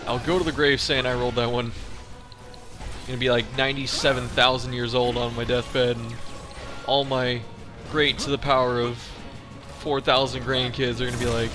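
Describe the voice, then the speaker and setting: A man's voice: mid-range voice, fairly even intonation, normal speed. A man giving casual gameplay commentary as a let's play host, chatty and profane, humming to himself while he fights. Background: game music.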